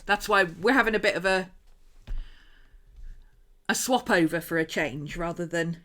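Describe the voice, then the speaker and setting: A woman's voice: on the low side, a little slow, fairly bright tone. A woman hosting a casual craft livestream at home, rambling chattily with frequent laughs and asides while she paints. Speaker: host.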